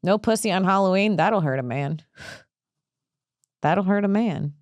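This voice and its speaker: A woman's voice: mid-range voice, measured pace, darkish tone, no room sound, lo-fi sound. A woman comedian hosting a casual podcast, brash and rambling, often laughing at her own jokes.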